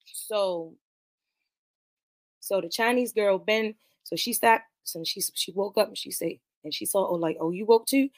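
A woman's voice: medium pitch, measured pace, no echo. A woman hosting a podcast, casually recapping a movie plot in a rambling, profane way and talking straight to her viewers. She mentions being nervous about streaming live. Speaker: podcast host reviewing a movie.

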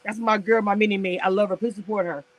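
A woman's voice: medium pitch, fairly even intonation, fast talker, slight background noise, low-quality recording. A woman hosting a casual live stream about reality TV, sassy and laughing often as she answers her viewers in chat.

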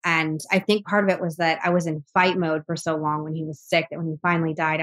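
A woman's voice: sits low, level tone, fast, few pauses, fairly bright tone. A woman guest on a podcast, speaking earnestly and reflectively about grief, often breaking into short laughs. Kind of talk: candid conversational interview.

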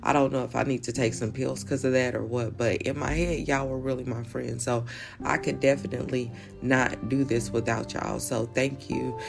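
A woman's voice: rumbling low, steady tone, moderate pace, gravelly, over music. A woman hosting a podcast, chatting casually with playful asides and laughs. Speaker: podcast host. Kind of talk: casual chat.

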